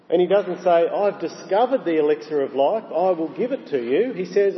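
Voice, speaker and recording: Man, sermon, emphatic, slows for weight, long reverb. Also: fairly high pitch, lively intonation. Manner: emphatic, rising on key phrases, slowing for weight. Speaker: preacher. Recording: dull sound with long hall reverb.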